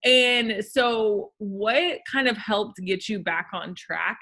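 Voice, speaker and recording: A woman hosting an interview, enthusiastic and quick to praise her guest before asking the next question. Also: mid-range voice, sharp tone. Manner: enthusiastic, praising, visual metaphors. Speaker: host. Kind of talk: interview chat.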